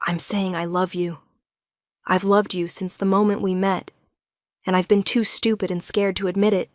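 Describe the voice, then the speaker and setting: A woman's voice: mid-range voice, little pitch movement, normal speed, no echo, clean studio sound, natural voice. A woman voicing a remorseful young male werewolf king who pleads earnestly with his wife. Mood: pleading.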